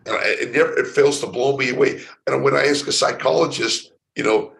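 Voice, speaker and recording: A man's voice: mid-range voice, fairly quick, creaky, fairly bright tone. Interview guest: a man from San Francisco, earnest storyteller, mid-range voice, repeats words as he goes. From San Francisco, United States. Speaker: spiritual coach being interviewed. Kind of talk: conversational interview.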